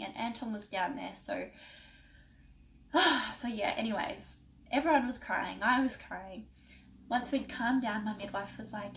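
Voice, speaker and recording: A young woman in a casual vlog, recounting a personal story. Her voice sits at an ordinary middle pitch, and she speaks with emotion, wandering through many fillers and restarts. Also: normal speed, vocal fry, rough recording. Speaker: vlogger.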